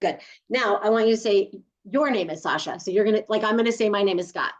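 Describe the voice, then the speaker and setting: A woman guides a group through a gentle exercise and coaches them in an easy, chatty way, laughing often as she goes. Her voice sits at an ordinary middle pitch. The sound is a little dull and lo-fi, like audio from a video call. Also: quick pace. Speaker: workshop leader.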